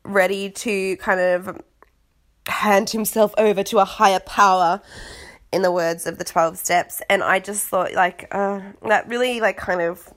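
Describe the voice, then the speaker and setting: A woman's voice: medium pitch, fairly even intonation, unhurried, fairly bright tone. A woman casually chatting as a podcast host, gossipy and dramatic, with lots of filler words. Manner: dramatic, acts out quotes of others. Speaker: podcast host recapping a reality show. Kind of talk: casual chat.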